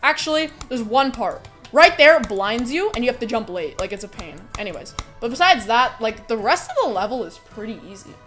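A woman's voice: fairly high pitch, very animated, fairly quick, few pauses, fairly bright tone, soft background music. A young woman streaming a game, chatting casually and talking through her run. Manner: chatty, bursts into squealing protests and laughter. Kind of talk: casual live-stream commentary while playing.

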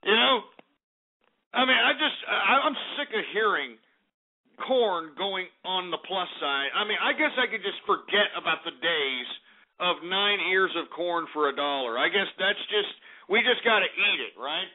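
A brash male radio host ranting in a sarcastic, profane stream of talk. His voice runs fairly high, and the sound is thin and tinny, as if heard over a phone line. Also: animated, moderate pace.

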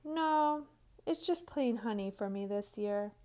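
A woman voicing a mild, bookish male bear in a storybook, speaking slowly. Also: a little high, lively intonation, a little mellow. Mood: glum.

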